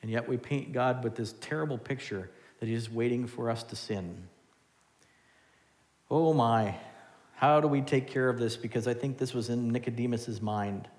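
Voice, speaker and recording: A man preaching a sermon as pastor, animated, swinging between loud and hushed. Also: mid-range voice, normal speed. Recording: long hall reverb.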